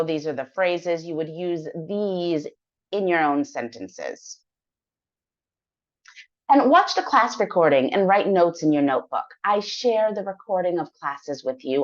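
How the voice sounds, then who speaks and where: A woman teaching English online, explaining a weekly practice plan step by step in a clear, encouraging way. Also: lowish voice. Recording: dull lo-fi sound.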